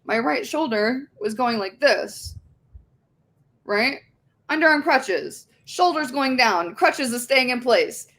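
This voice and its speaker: A woman in her twenties, a podcast guest telling her story in a casual, chatty way, with lots of "like" fillers, frequent swearing and an animated delivery. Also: on the high side, slow pace. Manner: heavy use of "like" fillers.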